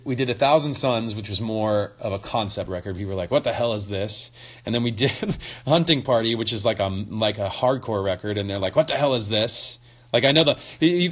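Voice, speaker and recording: A man's voice: on the low side, a bit bright. Easygoing man chatting on a phone livestream. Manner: loose and chatty, many fillers and restarts. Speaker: musician answering fan questions. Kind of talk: casual livestream chat.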